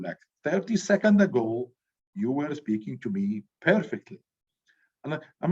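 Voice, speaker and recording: A middle-aged man teaching a class, speaking loudly and with energy, checking in with the students by saying "good" after each point. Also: medium pitch, normal speed, husky. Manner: loud, animated, repeats "good" as a check-in. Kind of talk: classroom lecture. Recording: dull lo-fi recording.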